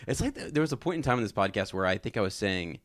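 A man co-hosting a podcast, chatting about a book and reading passages aloud slowly and dramatically, laughing easily. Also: lowish voice, lively intonation, a bit bright, dry recording. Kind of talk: casual book discussion with read-aloud passages.

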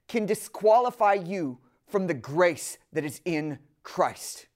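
A woman preaching a sermon, speaking directly to her listeners in an earnest, emphatic way and slowing down on key phrases. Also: fairly low pitch, animated, darkish tone.

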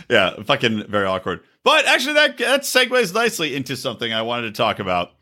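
Bright, lively man trading crude jokes. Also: medium pitch, fairly quick. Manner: profane, teasing, laughs often. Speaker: podcast host. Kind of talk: crude casual banter.

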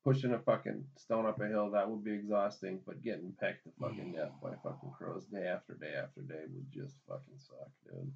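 A man's voice: low voice, animated, brisk, gravelly, hardly any pauses, darkish tone, breathy edge. A man co-hosting a podcast, rambling casually and swearing often. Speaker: podcast co-host. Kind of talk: casual profane chat. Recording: muffled lo-fi audio with faint noise.

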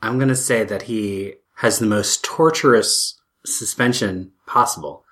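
This is a player in a tabletop role-playing game, talking at a mid-range pitch. The delivery is animated and chatty, with quick reactions as each scene unfolds.

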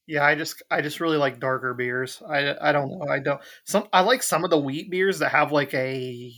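A man's voice: a little high, normal speed. A man co-hosting a podcast in casual chat, speaking through his nose with a West Virginia accent tinged with British, telling jokey stories. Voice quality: nasal. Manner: relaxed storytelling, jokey. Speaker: podcast co-host.

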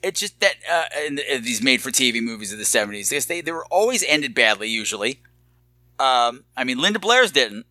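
Bright-voiced campy man, crude humor. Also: medium pitch, very animated, a little fast, dry recording. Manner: campy, crude, laughs at his own jokes; slips into put-on voices. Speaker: podcast co-host. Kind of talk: casual comedic movie chat.

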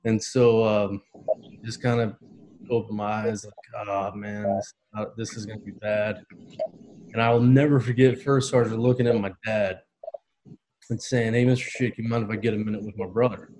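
A man's voice: fairly low pitch, steady tone, moderate pace, a little mellow, rough recording. Earnest man telling a moving story. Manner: earnest, emotional storytelling with acted-out quotes. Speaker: podcast guest. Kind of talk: storytelling in casual conversation.

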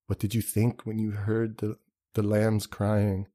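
A man doing a slow, quiet Hannibal Lecter. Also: fairly low pitch, completely flat delivery, natural voice. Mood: creepy. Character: menacing, calm older male film killer.

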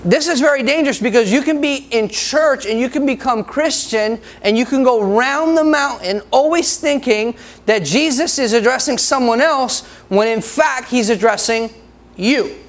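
A man's voice: extremely high pitch, normal speed. A man preaching a sermon, joking with the people in the room and laughing often between points. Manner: laughs often, jokes with the congregation.

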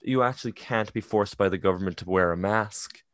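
A man's voice: fairly low pitch, brisk, fairly bright tone, no room sound, natural voice. A self-righteous woman shopper with a put-on American twang, as a man acts her out in a story. She is smug and ready for a fight. The recording is dry and close. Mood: defiant. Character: indignant adult female anti-mask shopper.

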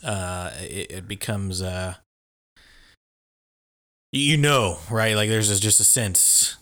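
A man in casual chat, laid-back and halting, with a bit of slang. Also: lowish voice, pushed and bright.

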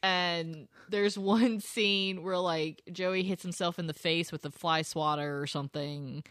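Woman, lowish voice, casual podcast co-host, dry close sound, laughs a lot. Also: steady tone, a little slow, fairly bright tone, dry recording. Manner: laughs often, presents song facts. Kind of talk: casual chat.

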